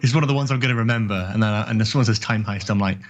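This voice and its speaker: A man's voice: lowish voice, racing, lo-fi sound. A young man reading out quiz questions and chatting casually, often laughing between lines. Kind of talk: casual livestream chat.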